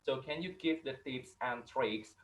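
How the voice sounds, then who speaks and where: A man's voice: medium pitch, normal speed, slight background noise. A man from Indonesia hosting an online Q&A, reading out viewer questions with many fillers and restarts. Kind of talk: casual online Q&A. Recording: echoey room.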